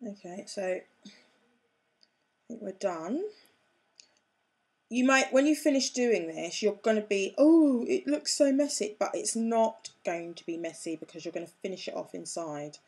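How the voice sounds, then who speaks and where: A woman walks through a craft project in an easy, chatty way, stopping to poke fun at herself. She speaks slowly, and her voice has a soft, husky edge. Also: mid-range voice, animated. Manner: chatty, self-mocking, talks while working with hands. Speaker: craft tutorial host. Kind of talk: casual craft demonstration.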